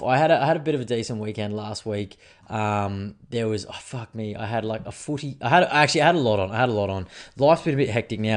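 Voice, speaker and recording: An Australian man in his thirties hosting a casual podcast, rambling and swearing freely after a few drinks. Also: mid-range voice. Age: 30s. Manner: rambling, swearing, tipsy banter. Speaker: podcast host. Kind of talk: casual chat.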